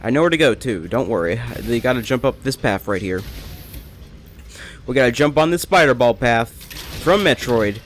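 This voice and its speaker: A man's voice: mid-range voice, lively intonation, moderate pace, soft background music. A young man rambling and joking through casual gameplay commentary, often correcting himself mid-sentence. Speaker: let's play gamer.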